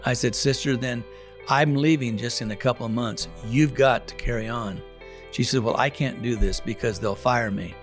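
A man's voice: mid-range voice, moderate pace, soft background music. A man who leads a prison Bible study tells his own testimony in an earnest, emphatic way, often repeating words. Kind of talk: spoken testimony.

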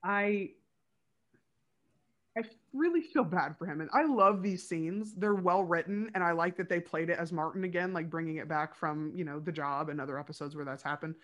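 A woman's voice: lowish voice, normal speed, a bit bright. A woman co-hosting a podcast, chatting casually and enthusiastically about a TV episode, with lots of "like" fillers. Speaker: podcast co-host. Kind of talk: casual fan chat reviewing a TV episode.

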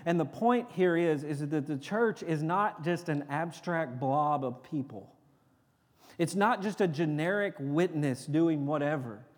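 A man preaching a sermon from the pulpit. He talks earnestly, often restarts his words, and sinks into quiet intensity. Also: fairly high pitch, moderate pace. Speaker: pastor. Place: church sanctuary. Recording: long reverb of a church hall.

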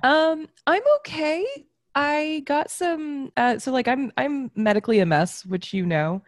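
A woman's voice: high voice, measured pace, no room sound. Young woman, podcast co-host, casual rambling chat, fillers, dead dry sound.

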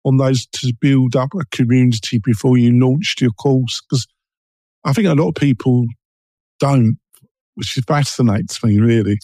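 A podcast host with an East London and Essex accent talks in a casual, rambling way, peppering his speech with ums and restarts. His voice is mellow and warm, and the recording sounds close and dry. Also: mid-range voice, steady tone, unhurried, no room sound. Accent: East London and Essex English. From England. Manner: chatty, many ums and self-interruptions.

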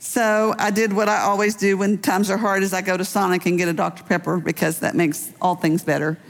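A woman's voice: medium pitch, flat delivery, brisk, creaky. A middle-aged woman pastor giving a conversational sermon, telling personal stories with light laughter. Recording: long hall reverb.

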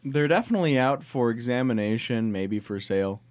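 A man's voice: mid-range voice, lively intonation, a little fast, darkish tone. A man narrating as game master in a casual tabletop game, with dry jokes.

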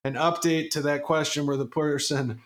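A man's voice: fairly high pitch, fairly even intonation, normal speed. A man co-hosting a podcast, chatting casually and reading aloud in a goofy, meandering way with plenty of swearing. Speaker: podcast co-host. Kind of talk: casual chat.

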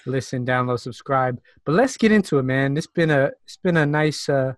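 A man's voice: medium pitch, lively intonation, normal speed, no echo, clean studio sound. A man from South Carolina co-hosting a podcast in a playful, slangy, hyped-up way. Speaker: podcast co-host. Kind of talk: casual chat.

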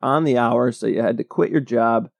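A man co-hosting a podcast in casual comedic chat, rambling and joking with lots of fillers, in a small dark room. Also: mid-range voice, moderate pace, gravelly, dry recording, studio quality. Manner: jokey, rambling, with frequent laughs and fillers. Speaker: podcast co-host.

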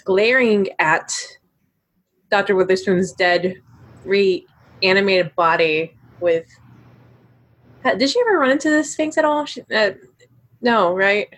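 Animated woman tabletop player. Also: mid-range voice, slow, long pauses. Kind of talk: casual role-play narration.

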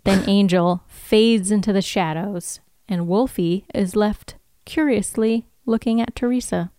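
Woman podcast co-host, mid pitch, smooth clear tone, dry close sound, chatty recap delivery. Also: mellow, dry recording. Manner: recaps scenes with quick acted-out quotes, laughs often. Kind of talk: casual chat, reading episode recap.

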